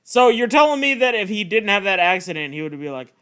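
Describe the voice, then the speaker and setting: A man's voice: sits high, big pitch swings, fast, pushed and bright, clean tone. A young man chatting on a game stream, joking and swearing. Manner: joking, swearing, laughs easily. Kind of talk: casual chat on a game stream.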